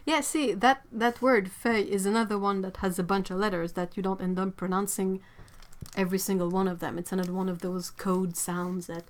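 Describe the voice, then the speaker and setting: A woman's voice: medium pitch, fairly even intonation, moderate pace. Chatty woman. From Quebec, Canada. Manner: rambling, chatty, laughs often. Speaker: artist livestream host. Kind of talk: casual livestream chat reading comments.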